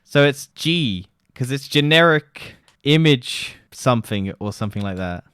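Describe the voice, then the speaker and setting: A man's voice: medium pitch, expressive, unhurried, fairly bright tone, clear, resonant tone, no room sound. A man co-hosting a podcast in casual chat, blunt and scoffing, swearing freely. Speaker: podcast co-host.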